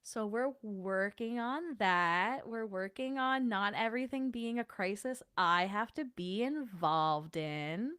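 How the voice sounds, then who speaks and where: A woman's voice: mid-range voice, lively intonation, takes it slowly, hardly any pauses, a bit bright, smooth, no room sound, clean studio sound. A young adult woman hosting a casual livestream, chatting and answering her chat in a self-deprecating way. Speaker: livestream host.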